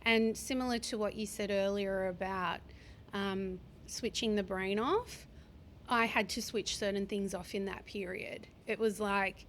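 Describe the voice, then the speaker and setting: A woman in her forties, a podcast guest talking openly and with feeling in an interview, sometimes slowing down and swearing for emphasis. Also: mid-range voice, fairly even intonation, a bit bright, a little hiss or hum. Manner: open, heartfelt, speaks slowly in places, occasional swearing. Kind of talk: candid interview conversation.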